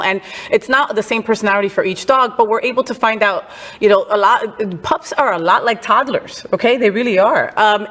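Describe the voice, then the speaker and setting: A woman's voice: medium pitch, fairly bright tone, big-room sound. A woman hosting a casual entertainment news chat, sassy and outspoken. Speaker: host.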